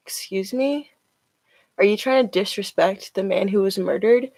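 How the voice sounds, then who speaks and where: A woman's voice: medium pitch, moderate pace, vocal fry, darkish tone, no echo. A woman chatting casually on a live stream as she reads tarot cards, filling her talk with "like". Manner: chatty, with many "like" fillers.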